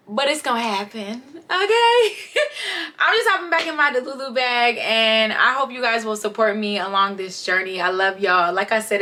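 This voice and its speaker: A woman's voice: on the high side, sharp tone. A young woman giving a candid, chatty life update, talking straight to her viewers. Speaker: vlogger. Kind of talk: casual sit-down life update.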